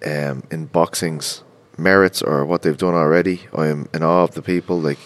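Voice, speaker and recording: An Irish man hosting a podcast, chatting casually and swearing freely with quick banter. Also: extremely low pitch, steady tone, no room sound. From Ireland. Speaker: podcast host. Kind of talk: casual chat.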